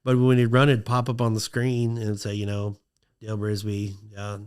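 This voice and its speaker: A man telling a long story on a podcast in a casual, lively way, acting out quotes in a high excited voice. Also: moderate pace, clean tone. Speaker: podcast guest.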